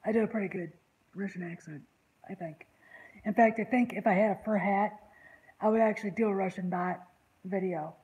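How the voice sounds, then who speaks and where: A woman hosting her own channel, talking with guests in loose, rambling chat. She sounds exasperated and indignant, with a mellow, warm tone at an ordinary pitch. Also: brisk, pauses often, rough recording. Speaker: online channel host. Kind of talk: casual panel chat.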